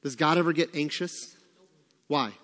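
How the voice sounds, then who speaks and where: Animated pastor in an echoey room. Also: male voice, fairly high pitch, normal speed. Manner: animated, acts out quoted worries. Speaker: pastor leading a church group. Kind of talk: informal group devotional talk.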